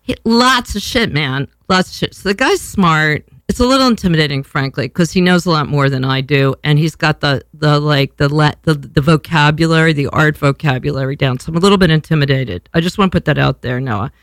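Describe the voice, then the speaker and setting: A woman's voice: sits low, a little fast, few pauses, no echo. A woman, hosting a casual talk show in a brash, rambling way, swearing freely. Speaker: podcast host.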